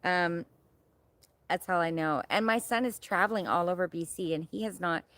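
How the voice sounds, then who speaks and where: A woman's voice: on the low side, moderate pace, a bit bright, dry recording. Bubbly, chatty woman livestreaming from her yard. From Canada. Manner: bubbly, chatty, self-described hyper. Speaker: livestream host. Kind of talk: casual chat reading viewer comments.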